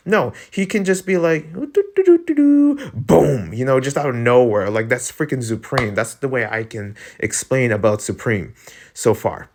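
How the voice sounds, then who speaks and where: Excitable man with a Filipino accent. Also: mid-range voice. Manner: rambling and excitable, heavy on fillers. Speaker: vlogger ranking breakdancers. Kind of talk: casual commentary.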